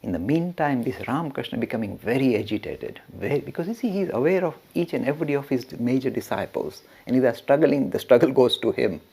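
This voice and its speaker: A man who teaches religion, telling a story as a lecture with animated asides and frequent chuckles. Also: medium pitch, brisk, creaky, few pauses, slightly rough. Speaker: religious educator.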